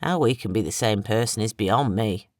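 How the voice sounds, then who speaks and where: An audiobook narrator voicing a calm, compassionate man who speaks in a quiet, measured, sympathetic way. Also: mid-range voice, dry recording, clean studio sound, voice pushed down, natural voice.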